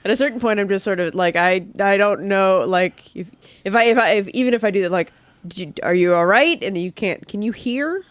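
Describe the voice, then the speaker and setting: A woman's voice: mid-range voice, brisk, clean tone, no echo. A woman playing a tabletop role-playing game, speaking hesitantly with fillers and self-corrections. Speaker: player. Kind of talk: casual tabletop role-play.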